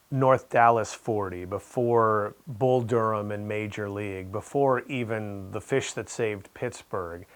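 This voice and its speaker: A male interviewer asking measured, curious questions. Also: on the low side.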